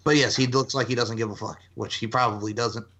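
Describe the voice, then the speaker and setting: A man co-hosting a casual wrestling chat, animated, laughing often and breaking into chants. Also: medium pitch, a little fast. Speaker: podcast co-host.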